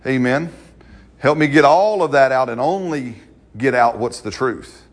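A man's voice: mid-range voice, unhurried. A man preaching a sermon in a conversational, playful way, acting out quotes and laughing along with the congregation.

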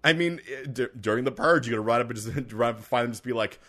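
A man co-hosting a casual podcast chat, riffing in quick excitable bursts and laughing often. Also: medium pitch.

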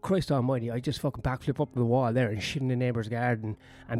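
A man's voice: mid-range voice, fairly even intonation, fast talker, few pauses, dark tone, soft background music. A man ranting in a sweary, sardonic, rambling monologue as a comedian vlogging on his own.

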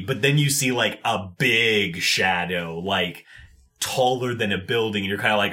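A man's voice: fairly low pitch, a little slow, sharp tone. A man running a tabletop game as game master, narrating in a loose, descriptive way with many fillers.

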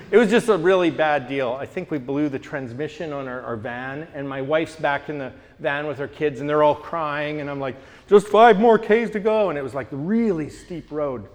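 A man from Canada leading a group teaching discussion, telling stories with lively restarts. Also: a little high, moderate pace, few pauses, big-room sound. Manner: animated storyteller, frequent restarts.

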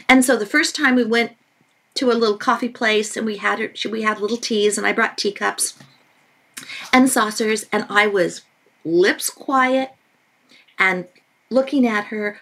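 A woman author who is a guest on a parenting podcast, telling lively stories and repeating points for emphasis. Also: mid-range voice, normal speed. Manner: animated storytelling with emphatic repetition. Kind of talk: podcast interview.

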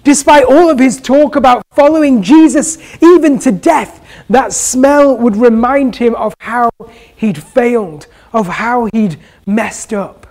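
A preacher delivering an earnest, gentle sermon and asking the listeners rhetorical questions. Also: medium pitch, unhurried.

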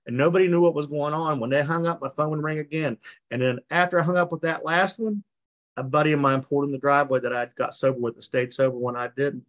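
A man's voice: fairly high pitch, steady tone, quick pace, fairly bright tone, lo-fi sound. Folksy man telling his story. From West Virginia. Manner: folksy storyteller acting out quoted voices. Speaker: recovery meeting speaker. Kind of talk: personal testimony. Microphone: video call.

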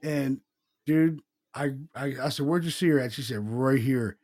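A man's voice: mid-range voice, moderate pace, a little mellow. Casual profane storytelling man. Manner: rambling, profane, retells dialogue in quotes. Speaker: podcast co-host.

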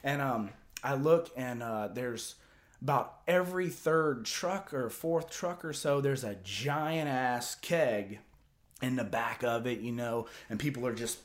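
A man's voice: medium pitch, unhurried. A man casually telling a long story as a podcast host, rambling and profane, with lots of filler words.

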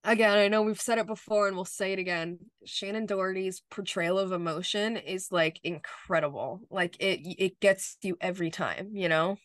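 A woman's voice: mid-range voice, normal speed, hardly any pauses, no room sound, studio quality. A woman co-hosting a podcast, recapping an episode in a casual chat as an enthusiastic fan, talking in loose run-on phrases. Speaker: podcast co-host.

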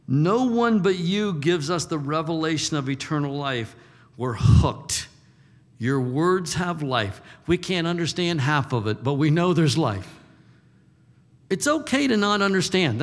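A man's voice: a little high, animated, moderate pace. A man preaching a sermon in an informal, conversational way, acting out the voices he quotes and chuckling now and then. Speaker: pastor. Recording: long reverb of a large hall.

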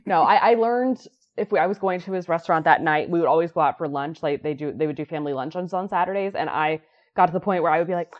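A woman co-hosting a casual chat about a sitcom. She laughs often and jumps up high when she quotes. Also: quick pace. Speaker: podcast co-host. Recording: dull lo-fi recording.

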